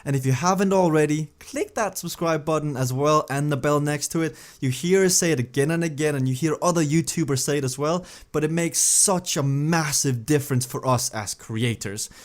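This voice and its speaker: A man's voice: on the high side, normal speed, few pauses. A man hosting a cycling news show, giving a chatty, enthusiastic recap and analysis of a race stage. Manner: chatty and enthusiastic, with frequent "I mean" asides.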